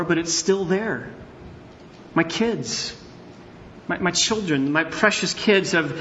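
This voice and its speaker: In a church sanctuary, a middle-aged male pastor preaches candidly, sharing personal stories and sometimes rising to emphatic outbursts. His voice is fairly high and fairly bright, captured on a lo-fi recording with slight background noise.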